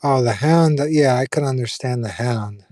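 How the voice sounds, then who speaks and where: A man's voice: medium pitch, moderate pace, a little mellow, no echo. A man chatting casually with viewers on a live stream, rambling with fillers and restarts.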